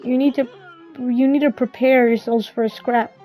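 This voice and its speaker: Wise old kettle man, calm, grave, advising, muffled, game music under it, read by a woman. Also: fairly high pitch, moderate pace, natural voice.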